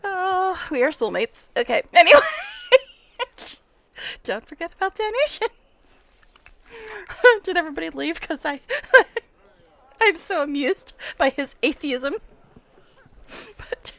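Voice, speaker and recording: Woman game streamer giggling and gushing, bright kinda high voice, dry close mic. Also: animated, unhurried, long pauses, dry recording. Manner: giggly and gushing, laughs often. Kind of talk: casual livestream chat while reading game dialogue aloud.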